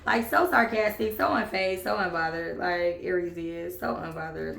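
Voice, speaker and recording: Sassy tarot-reading woman, gravelly voice. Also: fairly low pitch, normal speed, hardly any pauses, echoey room. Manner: sassy, sarcastic, swearing, animated bursts of laughter. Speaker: tarot reader.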